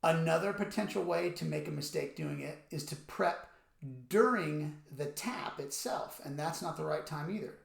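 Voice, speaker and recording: A man teaches a drum lesson, explaining the technique and calling out strokes and counts aloud as he plays in an instructional demonstration. His voice is a little high and creaky, at a moderate pace. The room echoes, and stick clicks on a practice pad are loud.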